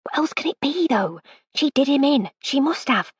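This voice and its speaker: A woman voicing a nervous young housemaid who hesitates, breaks off and drops to hushed tones in an audiobook. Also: high voice, very animated, normal speed, no echo, lo-fi sound, pitched above the performer's own voice.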